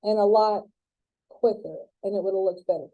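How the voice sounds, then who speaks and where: A woman's voice: medium pitch, fairly even intonation, moderate pace, dull audio. A woman teaching a college web design class in a chatty, joking way, acting out both sides of conversations in her stories. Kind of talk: classroom lecture with storytelling.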